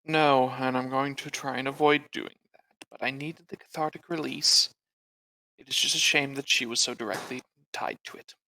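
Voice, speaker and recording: A man's voice: medium pitch, fairly even intonation, moderate pace, bright, forceful tone, poor audio. A man voicing a curt, formal male spellcaster in a live tabletop role-play, speaking in stiff, clipped phrasing. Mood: annoyed.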